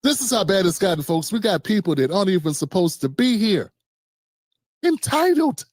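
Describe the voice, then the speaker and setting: A man's voice: sits high, very animated, moderate pace, darkish tone, no room sound. Sarcastic man with a dry sound. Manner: sarcastic, joking storyteller, slangy. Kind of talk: live-stream commentary.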